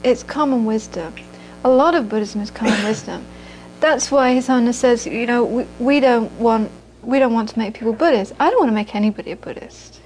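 Woman, Buddhist teacher, high voice, conversational dharma talk, repeats for emphasis. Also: a little fast, hardly any pauses, a little mellow, slight background noise, low-quality recording. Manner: conversational, repeats phrases for emphasis, laughs often. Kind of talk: informal dharma talk to an audience.

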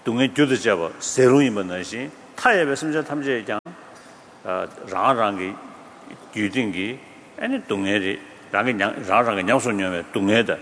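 A man giving a Buddhist teaching in an animated way, chuckling often. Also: lowish voice, normal speed. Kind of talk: dharma teaching in a hall. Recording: long hall reverb, faint noise.

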